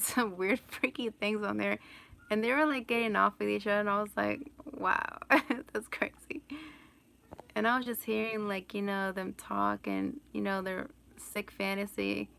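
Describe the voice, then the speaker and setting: Gravelly-voiced woman chatting casually. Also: medium pitch, fairly bright tone, a little hiss or hum. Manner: rambling, laughs often, lots of "like" and "you know". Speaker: vlogger answering live chat questions. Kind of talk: casual live-stream chat.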